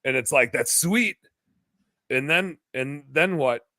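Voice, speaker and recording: A man chatting on a podcast with a bright, forceful voice. He rambles casually and fills the gaps with "like" and restarts. The sound is dry and close, with no room around it. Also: medium pitch, normal speed, no echo. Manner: loose, rambling, lots of fillers and restarts. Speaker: podcast guest. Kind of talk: casual conversation.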